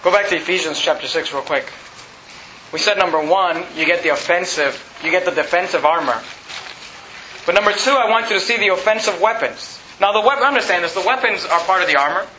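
A man's voice: high-pitched, a little fast, sharp tone, roomy sound, muffled recording, a little hiss or hum. A man pastor preaching a sermon, asking the congregation rhetorical questions and building emphasis. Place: church sanctuary.

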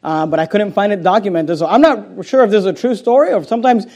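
A man preaching a sermon with impassioned emphasis, swinging between loud rising declarations and quiet intensity, repeating phrases for effect. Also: sits high, quick pace. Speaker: pastor.

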